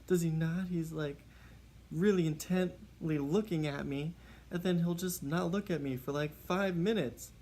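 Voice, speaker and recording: A gushing, lovestruck young woman in a breathless high falsetto, as a man puts her on. She swoops up high and spills out her excitement in a rush. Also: unhurried, slight background noise. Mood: flustered. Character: giddy young woman swooning over a guy.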